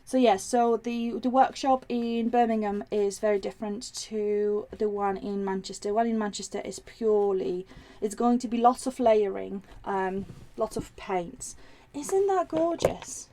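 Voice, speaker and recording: A woman's voice: mid-range voice, steady tone, unhurried, hardly any pauses, warm tone. A woman hosting a live craft demo, chatting in a rambling way with many ums and restarts, reading out viewer comments as she works. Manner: reads viewer comments aloud while working.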